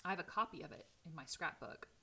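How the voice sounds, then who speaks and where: A woman teacher reading a novel aloud in a steady, clear storytelling way. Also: fairly low pitch, fast.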